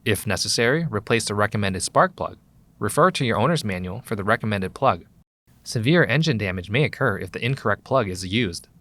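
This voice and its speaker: Low-voiced man narrating service steps. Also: brisk. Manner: calm, even, instructional delivery. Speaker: instructional voice-over narrator. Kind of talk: scripted narration.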